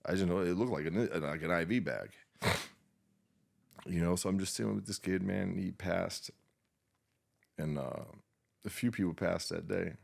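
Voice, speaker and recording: Very deep, gravelly man recounting trauma. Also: a little mellow. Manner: halting, many restarts and fillers, swears often. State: emotionally shaken, subdued. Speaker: podcast guest, war veteran. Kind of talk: emotional personal storytelling.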